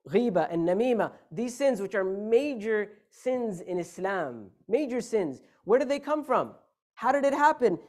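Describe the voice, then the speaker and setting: Male preacher, Friday sermon, emphatic, rhetorical questions, fairly high voice for a man, mosque hall. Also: a little mellow.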